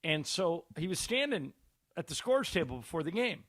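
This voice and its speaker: Bright-voiced male radio co-host. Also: fairly high pitch, a little fast, no echo, studio quality. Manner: animated storyteller. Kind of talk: casual radio banter.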